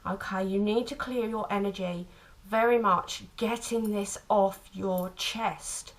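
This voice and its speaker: Tender woman tarot reader, halting speech. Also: medium pitch, fairly even intonation, poor audio. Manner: tender, calls listener "my lovely"; halting, many restarts and fillers. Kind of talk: intuitive tarot reading to camera.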